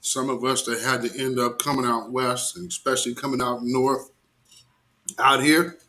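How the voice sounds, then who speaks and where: Bright-voiced man hosting a live stream. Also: mid-range voice, moderate pace, a little hiss or hum. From American South. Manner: excited, talks back to a played clip. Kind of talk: casual live commentary.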